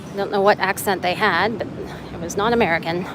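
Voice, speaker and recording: A woman's voice: medium pitch, a little fast. A woman livestreaming from a public city street on her cell phone, questioning passersby in a sarcastic, casual manner. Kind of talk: casual live street commentary. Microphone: handheld cell phone. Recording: loud outdoor street noise.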